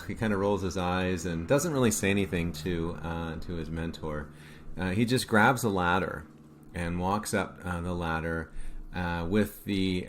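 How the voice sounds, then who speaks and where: A man with a very deep, low voice giving an art history lecture. He talks in a halting, conversational way, full of fillers and restarts, and keeps checking in with his listeners. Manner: halting, many fillers, self-correcting, checks in with "right?". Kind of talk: recorded lecture.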